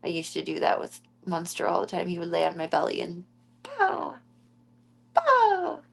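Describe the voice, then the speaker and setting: A woman's voice: lowish voice, little pitch movement, fast, creaky. A young woman streamer chatting casually and cooing in baby talk at her kittens, often giggling. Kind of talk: casual chat with her cats.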